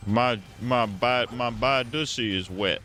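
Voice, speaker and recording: A man's voice: medium pitch, sharp tone, slight background noise. A man putting on the voice of a rambling, confused old male politician who stutters and restarts every phrase. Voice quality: stuttering, endless halting restarts.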